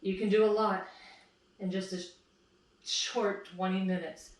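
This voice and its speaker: This clip has a woman instructor leading planks, breathless as she encourages the class and counts down reps. She speaks in a mid-range voice at a measured pace with little pitch movement, and the mic is distant in a room full of echo.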